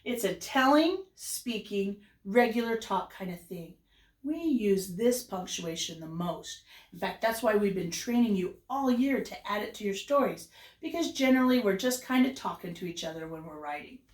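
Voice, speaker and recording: A woman teaching a kindergarten class, with an animated, exaggerated sing-song delivery. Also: medium pitch, normal speed. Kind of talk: lesson for young children. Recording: roomy echo, voice from a distance.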